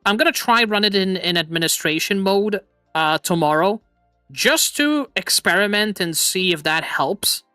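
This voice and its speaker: A man hosting a casual livestream chat from a home setup on a boom mic, excitable, swearing and laughing often, with an imitation British accent. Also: no echo, studio quality. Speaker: streamer host. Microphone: boom arm microphone.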